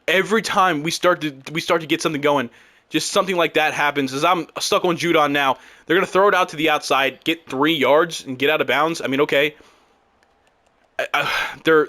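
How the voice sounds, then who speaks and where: Frustrated young man ranting over gameplay. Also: a little high. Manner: frustrated, exasperated, swings into loud outbursts. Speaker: gaming YouTuber. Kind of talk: live gameplay commentary.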